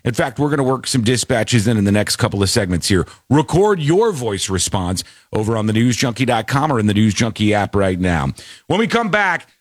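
A man hosting a talk show, chatting casually in a rambling, animated way and laughing often. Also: lowish voice, a little fast, no room sound, clean studio sound. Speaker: radio show host.

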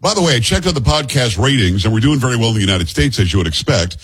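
Fast-talking husky radio host. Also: male voice, mid-range voice, animated, a bit bright. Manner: fast, chatty, joking. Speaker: radio talk show host. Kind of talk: casual radio banter.

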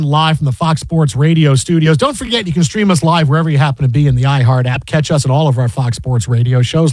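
A man's voice: a little high, no echo, low-quality recording. A middle-aged man hosting a sports talk radio show, telling a story in a rambling way full of "like" and "you know". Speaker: radio host. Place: radio studio.

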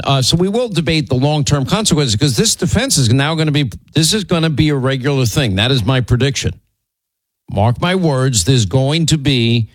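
A man's voice: medium pitch, no room sound, poor audio. A man hosting a commentary show, sardonic and opinionated, stumbling and restarting as he goes. His voice is close and dry, with no room sound. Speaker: show host.

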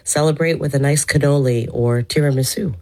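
A woman calls in to a radio show with a strikingly low voice. She speaks in a chatty, proud way. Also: brisk, darkish tone. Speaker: radio caller. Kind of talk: call-in comment.

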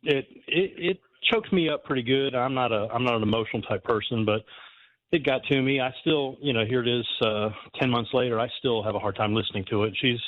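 A man calling a radio show, speaking earnestly with small pauses. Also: mid-range voice, no echo. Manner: earnest, halting. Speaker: caller. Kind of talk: phone-in call. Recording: tinny phone line.

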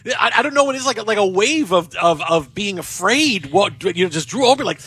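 A man hosting a sports radio talk show, telling rambling, excitable stories full of restarts. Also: high voice, a little fast, breathy edge, no echo. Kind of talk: casual sports radio banter.

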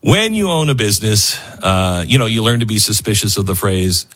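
Husky, rambling talk radio host. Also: male voice, mid-range voice, moderate pace, few pauses. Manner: rambling, self-mocking, animated. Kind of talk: talk radio monologue with host-read ads.

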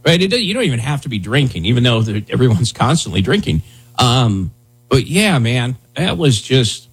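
A man's voice: mid-range voice, sing-song, normal speed, husky. A man hosting a talk show, chatting loosely and rambling with lots of "dude" and "man". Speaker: radio show host. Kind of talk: casual talk radio banter.

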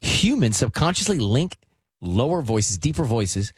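A man's voice: medium pitch, breathy edge, no echo. A man hosting a morning radio show, chatting casually and getting amped up as he talks. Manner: animated, quick to get amped up.

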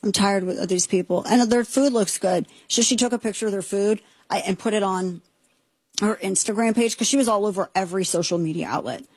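Woman, talk radio host, sarcastic, indignant, husky, dry studio sound. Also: mid-range voice, a little mellow, no echo. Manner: sarcastic, indignant, rapid-fire. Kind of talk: opinionated political talk radio.

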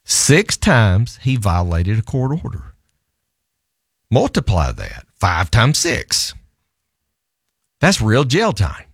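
A male lawyer telling a story in an animated, self-amused way, laughing often as he talks. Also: medium pitch, husky, no room sound, clean studio sound.

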